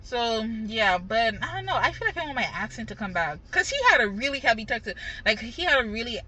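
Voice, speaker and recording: A woman's voice: fairly high pitch, sing-song, fairly quick, sharp tone, poor audio. A young woman from the Caribbean talking in a loose, rambling way, full of slang and swearing. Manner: loose, slangy, cursing freely. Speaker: vlogger. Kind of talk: casual rambling monologue.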